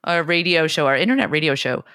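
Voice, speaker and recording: Female co-host, bright crisp tone, lively, teasing and profane. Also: low-pitched, fast, no room sound, studio quality. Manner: profane, teasing, laughing often. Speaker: podcast co-host. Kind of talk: casual chat.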